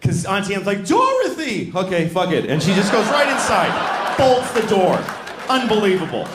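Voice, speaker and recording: A middle-aged man performing stand-up comedy, telling stories in a blunt, exasperated, deadpan way on a club stage. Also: high voice, normal speed, heavy background noise. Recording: roomy club, crowd laughter.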